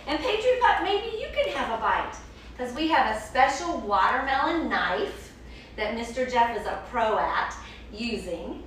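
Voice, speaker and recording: High-voiced, animated woman reading to kids. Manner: animated, playful, talks to a puppet and the kids. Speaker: children's story reader and show host. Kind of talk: reading a picture book aloud to children. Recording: echoey room, distant mic, faint hiss.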